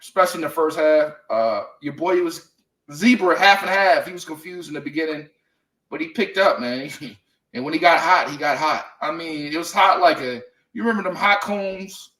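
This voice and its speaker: A man's voice: a little high, normal speed, bright, forceful tone, reverberant, low-quality recording. A man co-hosting a casual sports talk show, blunt and profane, leaning on "man" and "you know what I mean.". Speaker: sports podcast co-host.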